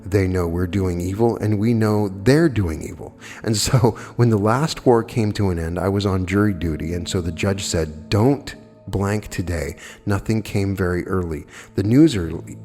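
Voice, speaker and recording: A man's voice: deep voice, moderate pace, a little mellow. A man giving a plainspoken spoken lecture, arguing his points with rhetorical questions and answering audience questions. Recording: old archive lecture with long hall reverb and faint music.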